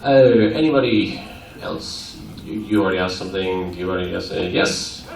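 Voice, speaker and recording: A man answering fan questions at a convention panel, animated and playful, laughing often. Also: low-pitched, normal speed, gravelly, a little hiss or hum. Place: convention room at a university. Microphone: audience camera from far off. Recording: echoey room, far off, crowd around.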